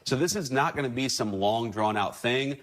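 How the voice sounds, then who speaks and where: A man's voice: mid-range voice, lively intonation, moderate pace. A man in a played interview clip, answering in an assured way with talking points.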